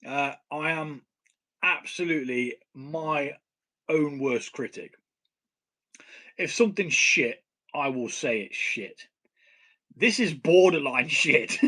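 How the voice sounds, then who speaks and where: A man's voice: fairly high pitch, expressive, measured pace, bright, forceful tone. A man with a British accent hosting a casual home brewing live stream, blunt and swearing casually, laughing at himself. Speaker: home brewing channel host.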